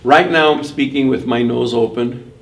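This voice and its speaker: An older man giving a vocal workshop, demonstrating his technique by switching between nasal and clear tones. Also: medium pitch, fairly even intonation, moderate pace. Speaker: mariachi vocal instructor. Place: school room during workshop. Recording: distant mic with faint room noise.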